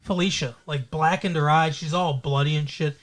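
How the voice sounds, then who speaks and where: A man's voice: a little high, fairly even intonation, normal speed. A man co-hosting a podcast, casually retelling a movie plot in a loose, profane way. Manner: loose and profane, with frequent fillers and laughs. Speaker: podcast co-host.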